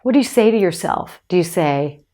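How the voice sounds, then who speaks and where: A woman's voice: lowish voice, lively intonation, brisk, mellow. A middle-aged woman psychologist giving a direct-to-camera advice talk, encouraging and emphatic, speaking straight to the listener.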